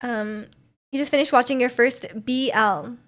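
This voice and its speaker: A woman's voice: a little high, moderate pace. A young adult woman hosting a livestream, chatting casually and reading out viewer messages, giggling often between filler words. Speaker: livestream host.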